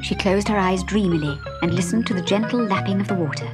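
A woman narrating a children's storybook with an expressive, animated reading. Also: mid-range voice, quick pace. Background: background music.

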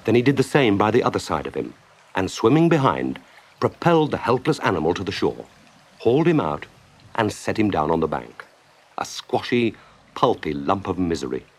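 A man narrating a children's storybook in a lively, expressive way. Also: on the low side, normal speed, slightly rough. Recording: music bed under narration.

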